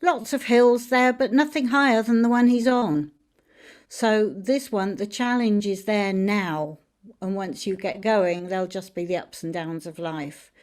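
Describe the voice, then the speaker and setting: Brief: woman tarot teacher, casual and warm in manner, talking through cards. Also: medium pitch, unhurried. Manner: friendly, chatty, explaining cards as she shows them. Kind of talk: informal teaching on camera.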